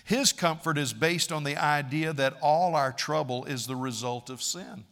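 A man's voice: a little high, normal speed, fairly bright tone. A man preaching a sermon, dramatic and emphatic, acting out quoted speakers with a raised voice. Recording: long reverb of a large hall.

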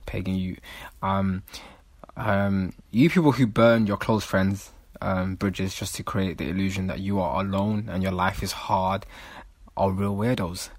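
Young man, husky voice, lowish pitch, rambling podcast talk, dry close sound. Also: steady tone, unhurried, dry recording. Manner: rambling, repeats himself, filler-heavy. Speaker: podcast co-host. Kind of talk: casual chat.

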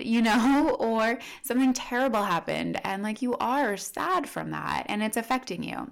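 A woman's voice: medium pitch, creaky. A woman coach talking casually to her followers, full of "like" and "you know" fillers. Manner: upbeat sign-off to followers. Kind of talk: casual teaching monologue.

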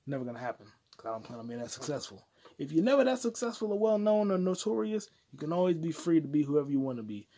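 A man's voice: fairly high pitch, animated, fairly quick, a little mellow, slightly rough. A man hosting a solo podcast, rambling crudely and profanely from topic to topic. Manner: crude, profane, jumps between topics, puts on mock voices. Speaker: podcast host.

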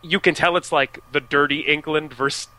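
On a dry, poor-quality recording, an American man talks video games as a podcast co-host, chatty and constantly restarting with fillers. His high-ish voice is bright and forceful, with fairly even intonation at normal speed.

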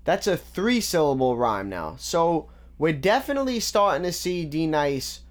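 A man's voice: a little high, sing-song, unhurried. A man giving a casual, methodical spoken breakdown of rap verses. He quotes lines back and keeps coming back to "again.". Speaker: rap lyric reviewer.

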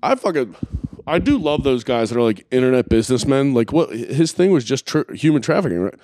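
A man's voice: mid-range voice, animated, a little fast, dark tone, slight background noise. A man hosting a podcast in casual, profane, rambling chat, blunt and crude. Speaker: podcast host.

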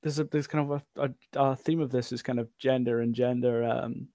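A man co-hosting a film podcast, speaking at an ordinary middle pitch. He talks in a halting, chatty way, full of restarts and fillers. The sound is dry and close. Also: fairly even intonation, warm tone, no room sound. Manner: halting, many restarts and fillers, laughs often. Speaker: podcast co-host. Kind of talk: casual film discussion.

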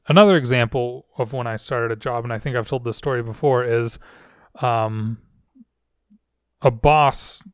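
A man's voice: mid-range voice, clear, resonant tone, no room sound, studio quality. A man hosting a podcast, telling personal stories in a rambling, self-reflective way with frequent restarts. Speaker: podcast host. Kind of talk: casual storytelling monologue. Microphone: podcast microphone.

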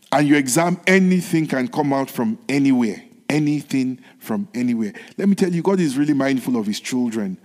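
Male preacher, mid-pitched voice, earnest, repeats phrases, long hall echo. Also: animated, normal speed. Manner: earnest, repeats phrases, moves between soft whispered lines and raised ones. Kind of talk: sermon.

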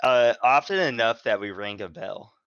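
A man's voice: medium pitch, normal speed, fairly bright tone, clean tone, no echo. A man rambles through a story on a casual podcast, swearing freely and restarting his sentences. His voice sounds dry and close, with a slightly dull, muffled tone. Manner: rambling, profane, lots of fillers and restarts. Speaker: podcast co-host.

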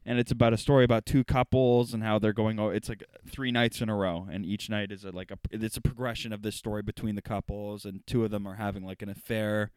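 A young man co-hosting a podcast speaks in a lowish, smooth voice, close to a dry mic. He rambles and swears emphatically in casual chat. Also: flat delivery, quick pace, few pauses, darkish tone, no echo. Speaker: podcast co-host.

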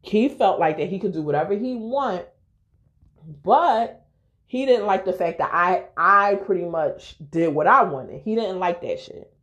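Lively, frank woman telling a story. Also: mid-range voice, measured pace. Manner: frank, profane, animated storytelling. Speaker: podcast host. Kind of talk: candid storytelling.

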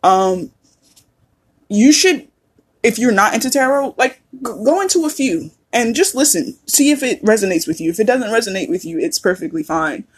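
A woman's voice: on the high side, big pitch swings, normal speed, slightly rough. A woman hosting a casual solo podcast, chatty and laughing often, swearing freely as she talks. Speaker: podcast host.

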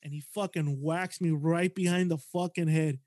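Man, podcast host, high voice, dry close sound, animated profane storytelling. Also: normal speed, no echo. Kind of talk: casual chat.

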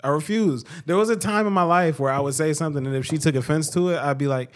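A man's voice: on the high side, fast. A man in his thirties co-hosting a podcast, telling jokes and talking with sarcasm in casual chat. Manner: joking, sarcastic, animated storytelling. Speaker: podcast co-host.

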